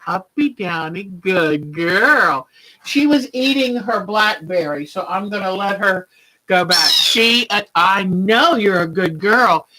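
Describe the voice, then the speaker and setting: A woman's voice: medium pitch, bright, forceful tone, poor audio. A woman hosting a quilting livestream, chatting casually and greeting viewers by name as she rambles along.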